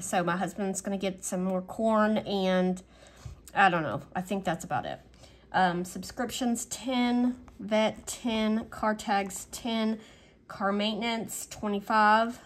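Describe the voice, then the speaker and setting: Woman casually walking thru her budget, chatty, lots of ums, middle pitch. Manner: chatty, thinking aloud with fillers. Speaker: budgeting vlogger.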